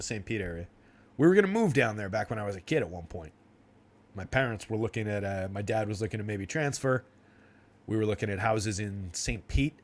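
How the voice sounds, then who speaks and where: A young man hosts a fantasy sports livestream in an easygoing, rambling way. He laughs often and fills pauses with ums and likes. His voice sits at an ordinary middle pitch. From New Jersey. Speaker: fantasy sports stream host. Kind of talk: casual livestream chat.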